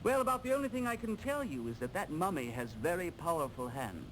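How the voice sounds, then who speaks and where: A man's voice: on the high side, sing-song, fairly quick, a little hiss or hum, poor audio. An actor playing a jovial, upper-class police surgeon in a video game, who jokes and is pleased with his own wit.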